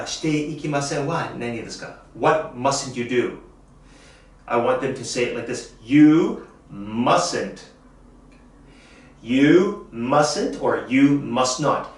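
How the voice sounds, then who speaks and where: A man teaching an English lesson, drilling short phrases slowly and deliberately. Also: mid-range voice, heavy reverb, recorded from a distance. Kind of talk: classroom lesson demonstration.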